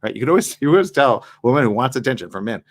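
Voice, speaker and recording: A male talk show host giving casual relationship advice in a monologue, animated and acting out both sides of arguments, talking straight to the ladies. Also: mid-range voice, rapid-fire. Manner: addresses the ladies in the audience directly.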